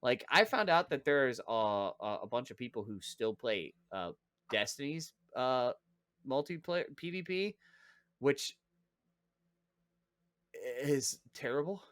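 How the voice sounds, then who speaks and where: A man's voice: medium pitch, lively intonation, slow pace, pauses often, a bit bright, no echo, clean studio sound. A man co-hosting a casual podcast, ranting and joking in a sarcastic, profane way. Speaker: podcast co-host.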